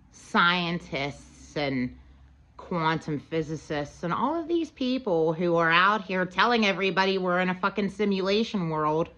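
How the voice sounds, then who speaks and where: A woman's voice: lowish voice, fairly bright tone, dull audio. A woman vlogger telling a long, profane, rambling story in casual chat, recorded on a phone. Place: Pennsylvania.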